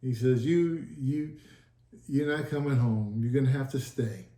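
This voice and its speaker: A man's voice: mid-range voice, a little slow, warm tone. A man telling his testimony in a casual sit-down talk, earnest and emotional, acting out the dialogue he recalls. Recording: echoey room.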